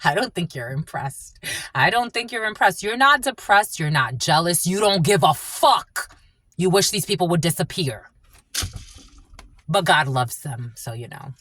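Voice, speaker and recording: A woman's voice: on the low side, animated, measured pace, fairly bright tone, dry recording. A woman giving a tarot reading who swears often and repeats herself bluntly. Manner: profane, blunt and repetitive. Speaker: tarot reader. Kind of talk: angry spiritual tarot reading.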